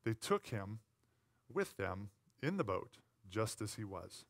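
A man preaching a sermon as pastor, conversational and playful, dropping to quiet asides and rising to loud, emphatic repetition. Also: fairly low pitch, very animated, takes it slowly, gravelly.

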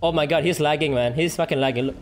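A streamer giving excitable live gameplay commentary, full of trash talk, laughter, repeated taunts and non-native English grammar. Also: medium pitch, fast, a little hiss or hum. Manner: taunting, repeats short phrases.

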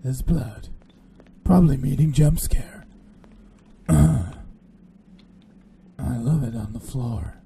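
A man's voice: medium pitch, slow pace, gravelly, long pauses, mellow, slightly rough. A man giving casual horror-game commentary, making crude jokes and calling himself the Batman in the third person. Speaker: gaming channel host.

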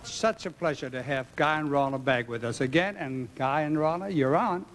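Man, bandleader host, bright high voice, cheery announcing; long studio reverb. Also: moderate pace, a little hiss or hum. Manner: cheery showman introductions. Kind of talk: stage announcing. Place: TV studio stage with audience. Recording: reverberant 1970s TV studio stage.

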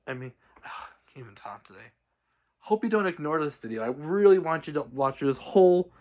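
Exasperated young man scolding, bursts into yells. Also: fairly high pitch, highs cut off. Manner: exasperated, scolding, swinging from mutters to shouted outbursts; stumbling restarts. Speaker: cartoon creator. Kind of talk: angry direct-to-camera rant.

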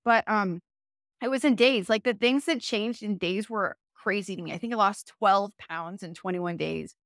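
A woman guest on an interview, telling her story in a loose, chatty way and restarting her sentences as she goes. Her voice sits at an ordinary middle pitch. The sound is dry and close, with no room echo. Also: moderate pace. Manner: chatty, frequent fillers and self-corrections, laughs often. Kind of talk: casual conversational storytelling.

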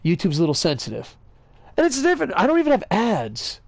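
Higher-voiced man ranting with sarcastic jokes. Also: fast, gravelly, dry recording. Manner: rambling, joking rants with sarcasm and cursing; excitable, talks to a friend off-mic. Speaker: gaming video host. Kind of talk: casual gaming commentary.

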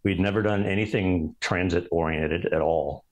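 Deep-voiced man telling rambling stories. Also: fairly even intonation, low-quality recording. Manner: rambling, halting delivery full of ums and restarts. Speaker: architect guest. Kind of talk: storytelling in casual conversation.

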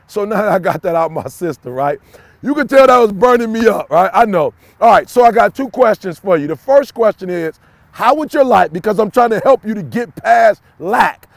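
High raspy preaching man, shouting pep talk. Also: dry recording. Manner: preachy, repetitive, swings from shouting to low confiding tones. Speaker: motivational speaker. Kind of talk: motivational pep talk to camera.

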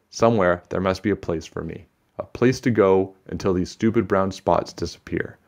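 A man's voice: low-pitched, gravelly, dull audio. A man reading aloud and voicing a scared but defiant boy in a storybook, earnest and growing bolder. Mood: determined.

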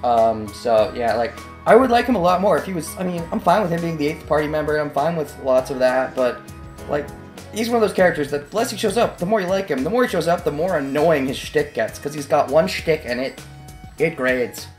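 A man's voice: on the high side, animated, brisk, soft background music. Chatty sarcastic gamer man. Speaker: let's play host. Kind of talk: casual gameplay commentary.

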